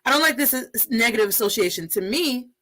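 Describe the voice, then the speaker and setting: A woman's voice: a little high, lively intonation, fast, pushed and bright, poor audio. A woman hosting a podcast, talking in an outspoken, casual way and dropping Spanish words into her English. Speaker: podcast host.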